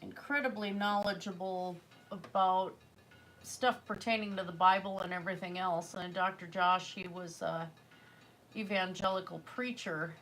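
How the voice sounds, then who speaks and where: A woman's voice: lowish voice, steady tone, moderate pace, fairly bright tone, faint music behind. A woman chatting casually while she paints on a livestream, rambling with fillers and self-corrections. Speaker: artist livestreaming a painting session.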